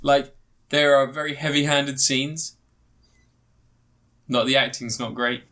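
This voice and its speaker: A man's voice: mid-range voice, fairly even intonation, takes it slowly, sharp tone. Tired, rambling podcast guy. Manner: rambling, sweary, full of fillers and restarts. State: tired, yawning. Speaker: podcast host reviewing a film. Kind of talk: casual chat.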